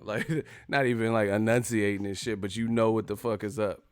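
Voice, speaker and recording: A man hosting a live stream, profane and animated, acting out the people he talks about. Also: fairly low pitch, brisk, clean tone, dry recording. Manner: profane, animated, acts out quotes. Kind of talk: casual live-stream commentary.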